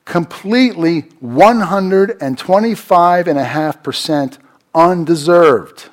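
A man preaching a sermon, repeating phrases for emphasis and swinging from loud, raised lines to quiet, low asides. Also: slow. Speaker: pastor.

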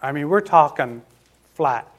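A man preaching a sermon, posing questions to his listeners, answering them himself and slowing down to stress key words. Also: a little high, animated.

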